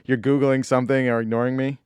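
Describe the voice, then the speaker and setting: Upbeat joking man, smooth dry voice. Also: mid-range voice, little pitch movement, quick pace, a little mellow, no echo. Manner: upbeat, joking, swears casually. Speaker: podcast co-host. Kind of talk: casual chat.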